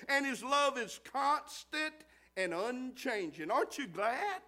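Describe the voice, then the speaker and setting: High, slow-preaching man. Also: lively intonation, bright, forceful tone. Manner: repetitive call-and-response preaching, asking "Amen?". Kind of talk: sermon.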